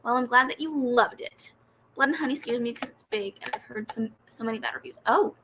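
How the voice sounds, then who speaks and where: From a home room where a fan runs, a young booktube host chats animatedly on a casual reading livestream, giggling while responding to comments. She speaks fairly quickly in a fairly high voice against a noisy background.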